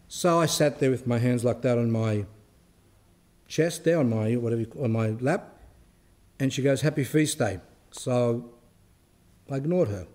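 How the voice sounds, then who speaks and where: A man, an Orthodox cleric, giving a spiritual talk that mixes a personal story with rhetorical questions and turns animated as the story goes on. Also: moderate pace, pauses often. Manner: grows animated and high when telling the story.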